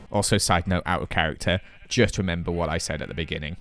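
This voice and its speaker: A man's voice: on the low side, lively intonation, a little fast, a bit bright, soft background music. A man giving playful, mock-boastful commentary over his Minecraft let's-play, teasing his viewers. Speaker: gaming YouTuber.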